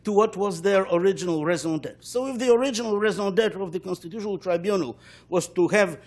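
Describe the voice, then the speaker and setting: A man, a law professor on a panel, giving an academic talk in a measured way, often repeating words as he searches for phrasing. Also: high voice, a little mellow.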